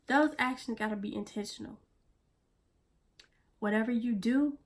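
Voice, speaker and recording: A woman vlogging in a blunt, profane pep-talk manner, sometimes dropping her voice to a soft near-whisper. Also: mid-range voice. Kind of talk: casual motivational vlog talk.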